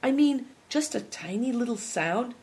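A reader putting on an excitable young boy Big Tiger. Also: medium pitch, a little slow, voice pushed up. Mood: hushed.

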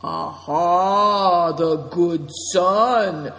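Conceited male traveler with shrill, mocking outbursts, put on by a male reader; storybook reading in a long-echo room. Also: animated, measured pace, fairly bright tone. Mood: sneering. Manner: mocking, flares up into high cries. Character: sneering boastful male traveler, conceited and touchy. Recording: long reverb.

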